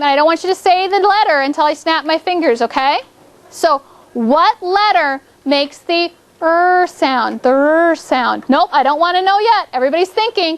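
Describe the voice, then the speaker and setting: High-voiced woman teacher coaxing a class. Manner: coaxing, drawn-out prompts with repeated cues. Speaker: fourth grade teacher. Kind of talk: classroom phonics lesson.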